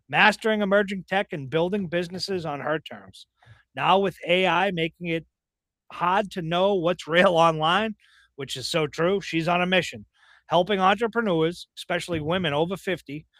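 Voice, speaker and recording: A man's voice: fairly high pitch, a bit bright, no echo. Upbeat Boston-accented male podcast host. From Dorchester, Massachusetts. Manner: upbeat, emphatic, punchy delivery. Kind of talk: podcast interview.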